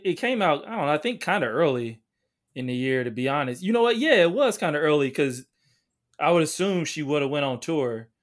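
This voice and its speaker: A man co-hosting a podcast, telling rambling, profane stories with halting fillers. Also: medium pitch. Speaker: podcast co-host. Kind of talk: casual storytelling chat.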